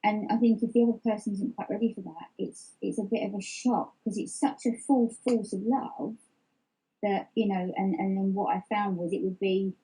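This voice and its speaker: A middle-aged woman with a medium-pitched, dark, slightly breathy voice is a guest in an open personal interview, heard on a low-quality recording. She is reflective and candid, frequently restarting her sentences and using fillers.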